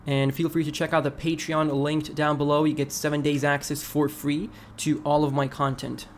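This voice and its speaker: A man's voice: a little high, normal speed, slight background noise. A man hosting a casual crypto livestream, walking through price charts and reading viewer comments aloud. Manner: relaxed, talks through charts, reads chat aloud.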